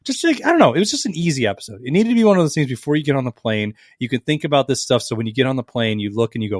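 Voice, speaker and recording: A man's voice: mid-range voice, sing-song, fast, hardly any pauses, no room sound, studio quality. Profane, laughing podcast co-host man. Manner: profane, laughing, swings loud and soft. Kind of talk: casual crude banter.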